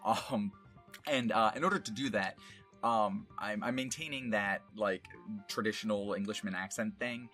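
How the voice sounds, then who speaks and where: A man's voice: fairly low pitch, moderate pace, pushed and bright, soft background music. A man who works as a voice actor, rambling casually and laughing at himself as he explains his craft. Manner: rambling and self-amused, with many fillers. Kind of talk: casual talk about voice acting.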